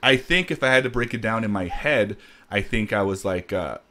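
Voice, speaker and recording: A man hosting a casual podcast, telling a story in a rambling, animated way. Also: on the low side, normal speed. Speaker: podcast host. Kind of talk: casual chat.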